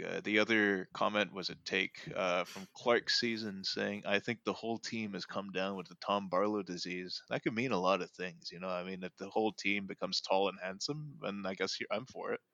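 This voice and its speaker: A man's voice: on the low side, steady tone, moderate pace, vocal fry, hardly any pauses, fairly bright tone, no room sound, highs cut off. A man hosting a casual sports podcast, rambling and thinking aloud with lots of fillers. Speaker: podcast host.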